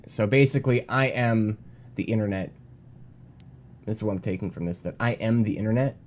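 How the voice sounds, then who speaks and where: A man's voice: fairly low pitch, moderate pace, long pauses, dark tone. Defensive, rambling young male streamer. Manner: defensive and rambling, reading chat aloud. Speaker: game streamer. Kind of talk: live stream commentary.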